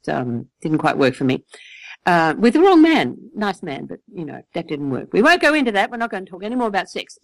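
An older Australian woman tells a long anecdote in a casual chat, laughing often and storytelling with animation. Her voice sits lowish, and the recording is dry and rough.

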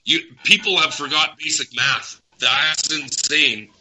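A guest speaks in a bright, sharp-edged, slightly high voice, a little slowly, on poor audio. Agitated and emphatic, he hammers and repeats his points like someone ranting on a heated talk show.

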